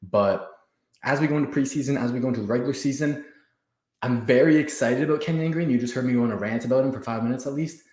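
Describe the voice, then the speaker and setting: A man's voice: mid-range voice, fast talker, a little mellow, roomy sound. A young man hosting a fan livestream in casual chat, hyped and out of breath, laughing as he talks to viewers from his home. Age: young adult. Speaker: fan podcast host. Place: home room. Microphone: camera on the floor.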